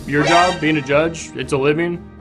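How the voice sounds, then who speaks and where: A man's voice: fairly high pitch, fairly even intonation, moderate pace, music in the background, natural voice. A man improvising a laid-back, slangy male defendant on a live comedy stream, answering back defensively. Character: male defendant born from a celebrity collision, cocky street hustler. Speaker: improv performer. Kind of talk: improvised comedy role-play.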